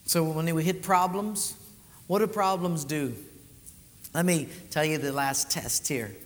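A male pastor gives a sermon in a church hall at a measured pace, his voice a touch high for a man. His storytelling is animated, moving between loud and hushed, with long reverb in the room and a little hiss or hum.

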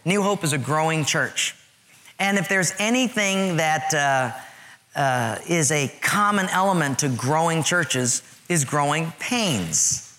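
A middle-aged man preaching a sermon in a lively, conversational way with humor. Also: a little high. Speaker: pastor.

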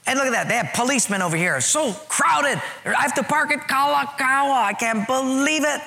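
A man's voice: very high-pitched, lively intonation, moderate pace, gravelly, pushed and bright, voice pushed up, full character voice. A man voicing a fussy churchgoer who whines and grumbles in exasperation. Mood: exasperated. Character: fussy male churchgoer complaining about crowds.

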